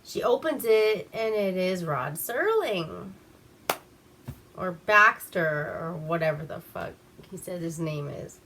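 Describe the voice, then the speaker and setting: A woman's voice: on the low side, animated, takes it slowly, a bit bright, a little hiss or hum. A woman recapping an old movie in a casual, profane, rambling way, laughing as she goes. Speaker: movie reviewer.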